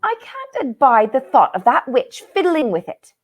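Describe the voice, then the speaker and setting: A woman voicing a bustling, motherly female beaver in a storybook reading, in a brisk, bossy way, with a lilt that drifts between Irish and English. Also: high voice, wildly swooping pitch, breathy edge, pitched above the performer's own voice, exaggerated voice.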